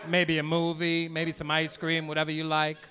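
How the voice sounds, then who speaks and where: A man's voice: fairly high pitch, completely flat delivery, pushed and bright, pitched below the performer's own voice. A man playing a timid young woman asking a guy out. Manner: hesitant, apologetic, halting.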